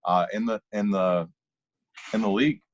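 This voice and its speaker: A man's voice: fairly low pitch, normal speed, dull audio. A man co-hosting a casual fantasy football podcast, rambling and restarting his thoughts as he argues a point. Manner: rambling, self-interrupting, animated. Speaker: podcast co-host.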